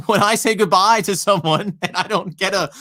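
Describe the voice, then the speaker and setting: A man co-hosting a sports podcast in casual chat, animated and laughing as he acts out quotes. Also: high voice, moderate pace. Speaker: podcast co-host.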